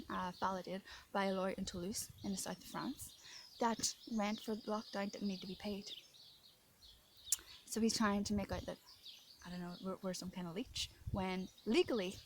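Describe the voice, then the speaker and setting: A medium-pitched woman's voice comes through over a noisy background. She's Irish, filming herself outdoors in rural France with birds singing, and she pours out upset, indignant, rambling complaints, dropping now and then into a whisper.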